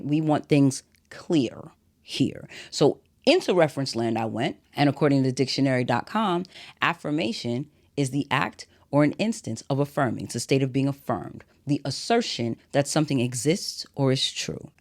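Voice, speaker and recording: A man hosting a solo podcast, talking bluntly and directly in a motivational, sermon-like way. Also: mid-range voice. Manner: blunt, direct, self-described as not a soft speaker. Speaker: podcast host.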